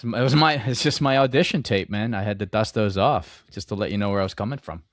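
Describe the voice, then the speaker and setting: A man co-hosting a movie podcast, chatting in an animated, joking, self-mocking way. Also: on the low side, fast talker, no room sound, clean studio sound. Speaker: podcast co-host. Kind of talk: casual movie podcast chat.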